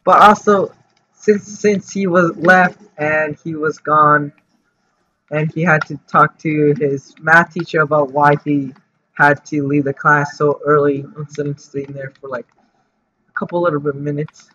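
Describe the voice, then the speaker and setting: A man's voice: fairly high pitch, level tone, a little slow, pushed and bright. A man telling a story for his vlog in a casual, rambling way, full of fillers and restarts. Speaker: vlogger. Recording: dull lo-fi audio with faint noise.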